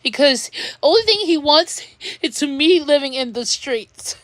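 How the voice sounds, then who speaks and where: High-voiced upset woman ranting. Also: lively intonation, fairly bright tone, no echo. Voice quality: upset, halting with restarts. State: close to tears. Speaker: vlogger. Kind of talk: emotional rant to camera.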